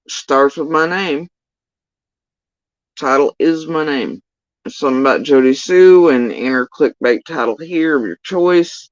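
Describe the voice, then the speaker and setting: A woman's voice: deep voice, dry recording. A woman giving casual ranting livestream commentary, profane, sarcastic and exasperated, on a dull, dry lo-fi recording. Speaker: YouTube drama commentator.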